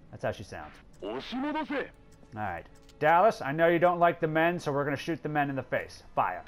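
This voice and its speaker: A man doing casual let's play commentary, excitable, swearing often and talking to the characters on screen. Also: medium pitch, normal speed, faint music behind. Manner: excitable, swears a lot, talks to game characters. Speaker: gameplay commentator.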